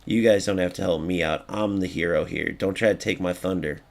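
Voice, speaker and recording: A gaming streamer with a deep, gravelly voice comments live at a brisk pace on a football video game he's playing. He's excitable, swears freely, and talks to his chat.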